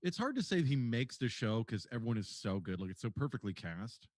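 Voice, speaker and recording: A man's voice: mid-range voice, big pitch swings, a little fast, no room sound, clean studio sound. A man co-hosting a podcast, gushing about a TV show, swearing freely and stumbling over restarts. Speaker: podcast co-host. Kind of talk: casual chat.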